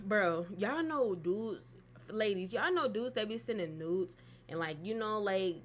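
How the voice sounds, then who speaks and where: A woman's voice: mid-range voice, lively intonation, a little slow. A woman casually telling a personal story on her vlog, loose and profane, with plenty of fillers. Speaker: storytime vlogger.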